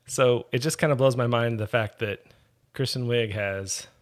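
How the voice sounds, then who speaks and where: A man's voice: mid-range voice, moderate pace. A man talking as a podcast guest in casual chat, rambling and hesitant, often trailing off.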